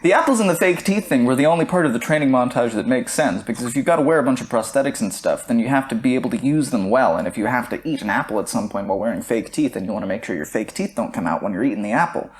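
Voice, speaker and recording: A woman's voice: a bass voice, animated, very fast, few pauses. A woman co-hosting a podcast, critiquing a film in blunt, argumentative, profane casual chat. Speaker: podcast co-host.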